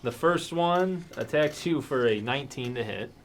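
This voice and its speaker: A man running a tabletop game as game master, casual and quick to laugh, swearing now and then. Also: medium pitch, lively intonation.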